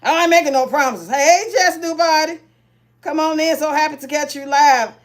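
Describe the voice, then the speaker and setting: Woman livestream host, high-pitched, talkative and laughing, cooking as she chats with viewers. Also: moderate pace. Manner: chatty, laughs often, reads out viewer comments. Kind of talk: casual livestream chat while cooking.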